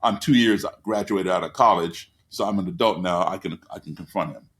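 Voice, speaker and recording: A man in his sixties, a guest telling a story in conversation, lively and acting out the people he quotes. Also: low voice, a little fast. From United States. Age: 60s.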